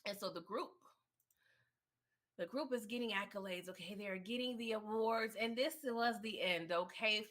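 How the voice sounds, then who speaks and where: A woman hosting a casual live movie review, animated, laughing often and getting emotional as she retells scenes. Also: medium pitch, moderate pace. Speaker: movie review channel host.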